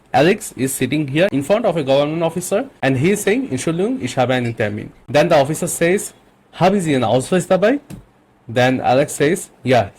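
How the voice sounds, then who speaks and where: A man teaching German vocabulary in English, explaining patiently and repeating phrases slowly. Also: medium pitch, breathy edge. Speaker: language teacher.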